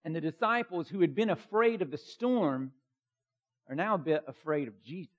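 A man's voice: fairly high pitch, lively intonation, moderate pace, dull audio. A man preaching a sermon as a pastor, emphatic and conversational, with many fillers.

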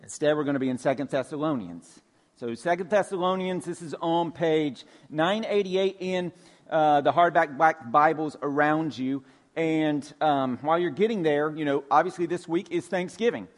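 Southern pastor with a light Georgia accent. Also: male voice, fairly high pitch, moderate pace. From Georgia, USA. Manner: conversational, folksy, with filler words and restarts. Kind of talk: sermon. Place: church sanctuary.

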